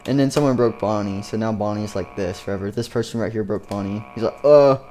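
A man casually narrating a game story in a rambling, halting way. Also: on the low side, steady tone, mellow, soft background music. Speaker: youtuber.

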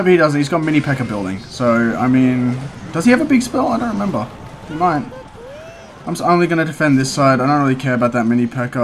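A young man giving casual live commentary on a mobile strategy game as he plays, talking to himself and breaking into frustrated outbursts. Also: mid-range voice. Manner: talks to himself while playing, quick swings into frustrated outbursts. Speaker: gaming content creator.

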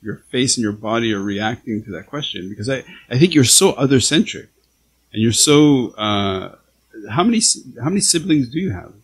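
A man hosting a podcast interview over a video call, talking in halting, restarting phrases that turn animated when he gets excited. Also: medium pitch, husky, low-quality recording. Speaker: podcast host. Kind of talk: casual interview conversation.

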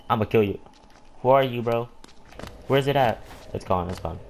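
A man giving casual gameplay commentary, excitable and slangy, talking back to the game's characters. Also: on the low side, unhurried, pauses often, a little hiss or hum. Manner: excitable, talks to the game characters, says "bro" constantly. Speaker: gamer. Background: game music.

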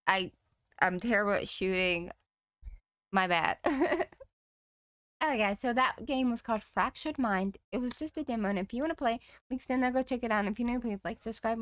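A woman's voice: on the high side, fairly bright tone, no echo, studio quality. Nervous woman narrating a horror game. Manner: talks to herself while playing, nervous and chatty. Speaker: gaming channel host.

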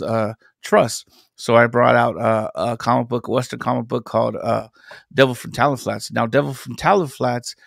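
Man, middle pitch, gravelly, dry close mic; casual podcast guest who rambles through stories. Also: fairly bright tone, dry recording. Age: adult parent. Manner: rambling storyteller, loose and conversational. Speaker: podcast guest, independent comic creator. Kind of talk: casual chat.

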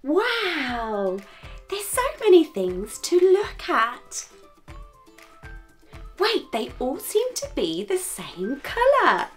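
A young woman teaches toddlers in a high, swooping, sing-song voice. She speaks very slowly and leans hard on each word. Soft music plays behind her. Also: huge pitch swings. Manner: exaggerated, sing-song, gasping. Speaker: children's teacher host. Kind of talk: toddler lesson.

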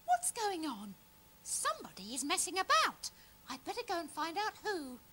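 Vain chatty panda puppet, super high and sing-songy, kids tv. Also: female voice, huge pitch swings, moderate pace, bright, forceful tone, a little hiss or hum, full character voice. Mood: curious. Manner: chatty and fussy. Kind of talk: children's TV puppet comedy.

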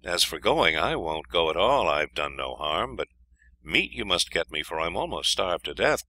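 A man's voice: deep voice, very animated, normal speed, bright, forceful tone, exaggerated voice. A man voicing a stubborn, fearless young lad in a storybook, talking bluntly and defiantly.

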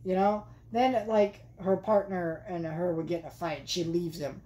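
A woman's voice: fairly low pitch, steady tone, normal speed, mellow. A young adult woman reviewing a film in a vlog, chatty and exasperated, with lots of fillers. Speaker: movie vlogger. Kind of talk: casual movie review rant.

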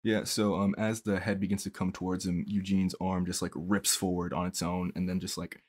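A man's voice: sits low, flat delivery, brisk, no echo. A man playing a tabletop game, casually describing what his character does. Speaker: player.

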